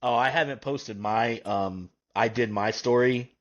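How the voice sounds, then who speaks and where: A man's voice: mid-range voice, measured pace. A man hosting a casual interview, laid-back and swearing freely. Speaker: podcast host. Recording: dull lo-fi audio.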